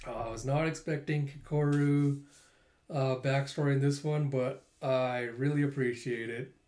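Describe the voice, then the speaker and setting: A man with a dark, mellow voice recapping a comic chapter in a relaxed way. He hesitates often and fills the gaps with fillers. His pitch sits in the middle. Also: a little slow. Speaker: host.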